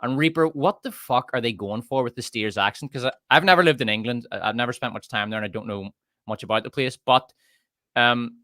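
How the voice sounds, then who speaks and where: A man hosting a casual panel chat, ranting emphatically and profanely with big swings in pitch. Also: brisk, sharp tone, dry recording, studio quality.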